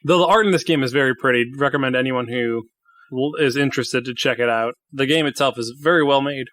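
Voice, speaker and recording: A man as game master, running a tabletop game with a relaxed, joking manner. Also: mid-range voice, fast, no echo, clean studio sound.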